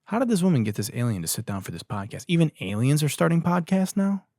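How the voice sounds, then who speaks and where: A man hosts a comedy podcast, swearing freely and sounding exasperated, with his voice swinging widely in pitch. He is recorded dry and close, with no room sound. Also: very animated, quick pace, mellow, no room sound. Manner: profane, exasperated, laughs a lot. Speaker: podcast host. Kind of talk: comedic commentary.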